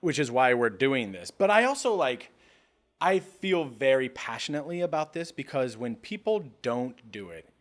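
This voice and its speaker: A young man from North Carolina co-hosts a casual podcast chat. His voice swings widely in pitch as he speaks with emphatic, passionate conviction. He swears freely when making a point. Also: big pitch swings, normal speed. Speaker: podcast co-host.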